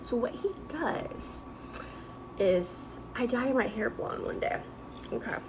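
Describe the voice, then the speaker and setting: A woman's voice: fairly high pitch, takes it slowly, noisy background. A young adult woman chatting casually as she tells a story-time vlog, with lots of fillers. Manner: chatty and animated, with many fillers. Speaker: vlogger.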